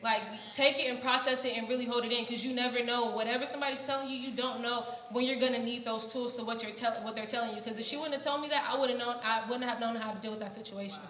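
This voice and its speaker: A woman's voice: fairly high pitch, fairly even intonation, fast talker, few pauses, a bit bright. A young woman giving an earnest church testimony about her mission trip, telling her story with many fillers. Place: church hall. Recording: echoey hall, faint noise.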